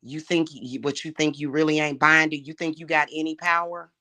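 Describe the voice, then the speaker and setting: A woman speaks in a furious, confrontational vlog rant, swearing freely and mocking the person she addresses. Her voice is bright and forceful, pushing hard on every accusation. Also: deep voice, level tone, brisk. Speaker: vlogger. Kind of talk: angry monologue vlog.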